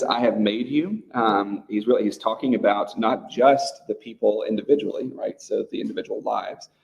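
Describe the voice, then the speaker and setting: A man with a low, gravelly voice leads a Bible study for a small group in a church room. He teaches in a loose, conversational way and keeps asking "right?" to check that his listeners are following. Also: a little mellow, rough recording.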